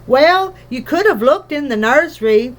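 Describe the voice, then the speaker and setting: A woman's voice: high-pitched, lively intonation, normal speed. A woman doing fretful tiny mother Homily. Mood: worried. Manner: anxious, wailing, ungrammatical country speech. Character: small worried mother, tiny borrower woman. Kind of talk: storybook reading.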